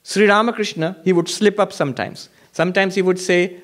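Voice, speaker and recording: Male monk lecturer, high-pitched voice, emphatic teaching style with rhetorical questions. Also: steady tone, brisk, fairly bright tone. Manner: emphatic, repeats points, asks rhetorical questions. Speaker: monk teaching at a meditation retreat. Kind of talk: spiritual lecture. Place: retreat hall before an audience.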